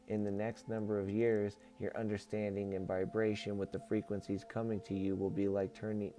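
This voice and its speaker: Male stream host, even-toned, measured reader who slips into relaxed chat with viewers. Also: lowish voice. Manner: calm, measured reading, turning casual and friendly when greeting chat. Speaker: livestream host reading aloud. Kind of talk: reading a book aloud on a livestream, chatting with viewers.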